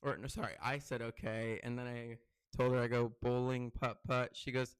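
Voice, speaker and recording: A man's voice: normal speed, few pauses, clear, resonant tone, no room sound. A young man hosting his own podcast, chatting casually and rambling through stories with many fillers. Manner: gets loud and high-pitched when excited. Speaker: podcast host. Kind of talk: casual solo podcast chat.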